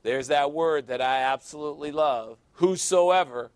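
A man's voice: a little high, normal speed, clean tone, no echo. A man preaching a sermon verse by verse, conversational and teasing, asking his listeners questions. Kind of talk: sermon, verse-by-verse Bible teaching.

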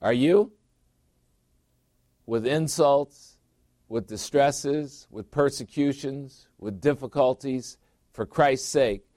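A man's voice: medium pitch, slow, long pauses, darkish tone, no echo, clean studio sound. A middle-aged man preaching a sermon as pastor, emphatic, repeating phrases and putting questions to his listeners.

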